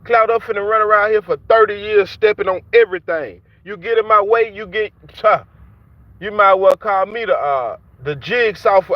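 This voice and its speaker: High-pitched man ranting angrily. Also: normal speed, no room sound. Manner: heated, repetitive, taunting. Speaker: vlogger ranting at rappers. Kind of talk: angry street-talk rant to camera. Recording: dull dry lo-fi sound.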